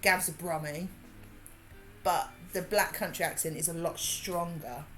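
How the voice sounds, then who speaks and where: Woman, Birmingham accent, lowish voice, rambling laughing livestream chat, faint music behind. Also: steady tone, measured pace, fairly bright tone. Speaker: livestream host. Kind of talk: casual chat while crafting.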